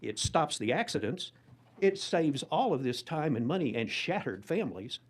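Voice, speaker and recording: A man's voice: on the high side, sing-song, moderate pace. A man hosting a livestream as a lawyer, commenting bluntly and wryly. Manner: blunt, wry. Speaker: trial lawyer, livestream host.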